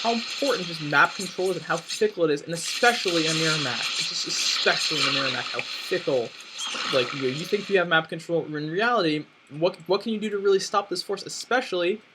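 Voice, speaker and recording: A man's voice: a little high, a bit bright, a little hiss or hum, low-quality recording. A young man casually commentating his own game replay, thinking aloud and restarting sentences often. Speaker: gameplay commentator.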